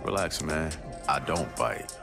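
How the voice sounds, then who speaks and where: Slow cool vampire hunter, deep gravelly voice, loud music under it. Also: male voice, heavily acted. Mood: menacing calm. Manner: laconic, menacing calm. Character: grim male vampire hunter, gruff and cool.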